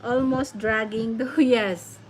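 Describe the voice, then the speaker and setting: Woman from the Philippines, casual vlog chat, very slow pace, repeats words, laughs often. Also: fairly high pitch, steady tone, slight background noise, rough recording. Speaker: vlogger reacting to a lesson.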